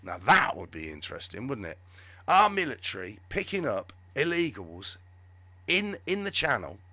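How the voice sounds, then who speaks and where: Rambling sarcastic man, lively pitch. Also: moderate pace, no echo. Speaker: live show host. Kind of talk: live political commentary chat.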